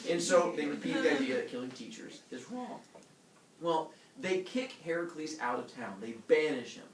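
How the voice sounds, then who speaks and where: A man telling a myth as a comic story, playful and animated, with his own sound effects. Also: fairly high pitch, normal speed, reverberant, distant mic, slight background noise, poor audio.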